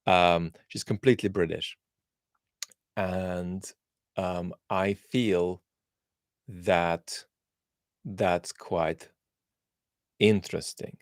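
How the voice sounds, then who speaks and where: A man's voice: low voice, steady tone, very slow, long pauses, no echo, clean studio sound. A man born in Russia hosting a live question-and-answer chat, thinking aloud and answering viewers with frequent ums and restarts. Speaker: host.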